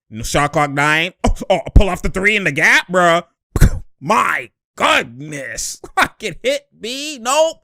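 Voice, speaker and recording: A man giving excited, slang-heavy commentary over basketball highlights, laughing and hyping plays. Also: clear, resonant tone, no echo, clean studio sound. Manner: hyped slangy reactions, frequent laughter. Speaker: sports commentator.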